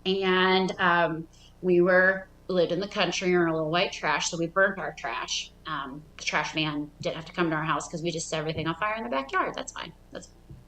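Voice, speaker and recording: A woman's voice: on the low side, a little fast, a bit bright, echoey room, slight background noise, low-quality recording. Rambling woman doing stand-up. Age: 30s. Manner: casual, rambling with many fillers. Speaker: stand-up comedian. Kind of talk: stand-up comedy storytelling.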